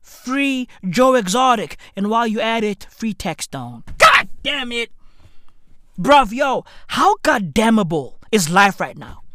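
A man's voice: very high-pitched, animated, unhurried, bright, forceful tone, no room sound. A man from Africa, delivering a profane, emphatic comedic rant that circles back on itself and keeps calling the listener bruv.

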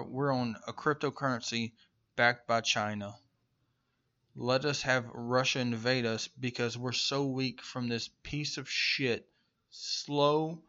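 A man's voice: medium pitch, fairly bright tone. A man giving an angry political rant, profane and mocking, firing off rhetorical questions. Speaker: political commentator. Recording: muffled lo-fi recording.

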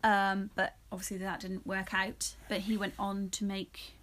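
A woman's voice: mid-range voice, monotone, unhurried, fairly bright tone, a little hiss or hum. A woman co-hosting a casual film podcast, teasing and laughing often. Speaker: podcast co-host. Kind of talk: casual chat film review.

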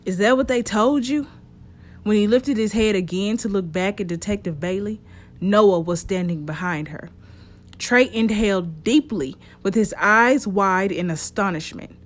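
Kobieta spokojnie czytająca opowieść. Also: female voice, mid-range voice, moderate pace. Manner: steady storytelling. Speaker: narrator. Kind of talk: audiobook story narration.

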